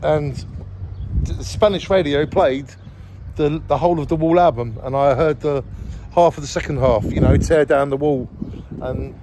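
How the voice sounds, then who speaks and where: A man's voice: a little high, moderate pace. Heartfelt man talking over road noise. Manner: heartfelt, emotional, speaking straight to his late mother. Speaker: vlogger. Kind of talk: casual spoken video diary. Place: in a car, driving into the mountains.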